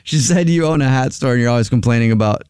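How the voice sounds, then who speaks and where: A man's voice: medium pitch, quick pace, darkish tone, clear, resonant tone, no echo. A male radio host with a mid-range voice plays an indignant, oblivious parent in a prank call. He is recorded close on a studio mic. The sound is dry.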